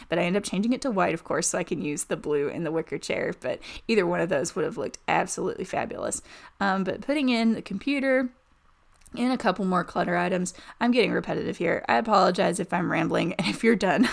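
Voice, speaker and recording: A woman's voice: on the low side, gravelly. A woman giving casual, chatty voice-over commentary on a game build, gushing and rambling with many fillers. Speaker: Sims building YouTuber.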